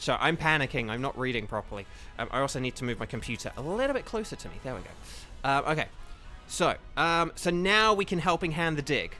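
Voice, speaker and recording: A young man live-streaming a game and chatting, excitable and flustered, rambling with lots of fillers. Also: on the high side. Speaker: streamer and voice actor. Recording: faint game music behind.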